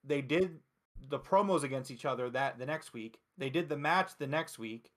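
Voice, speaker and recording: A man from Philadelphia hosting a casual wrestling review show, talking excitedly and emphatically with frequent swearing. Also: medium pitch, normal speed. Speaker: host.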